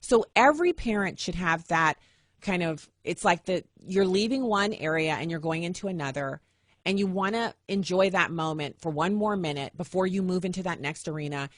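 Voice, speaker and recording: A middle-aged woman hosting a talk radio show, telling a personal story with lively acted-out quotes. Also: on the low side, moderate pace, dry recording, clean studio sound. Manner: animated, acts out quoted voices.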